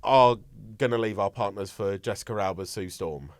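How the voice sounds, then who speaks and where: A British man hosting a podcast in casual chat, joking and playful, with a gravelly edge to his voice. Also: lowish voice, no echo, clean studio sound. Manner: joking, playful, quick to do impressions. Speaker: podcast host.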